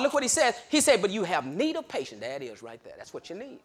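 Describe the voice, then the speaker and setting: A man preaching a sermon, swinging between loud hollering and low murmurs and laughing often. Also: huge pitch swings, fast, few pauses.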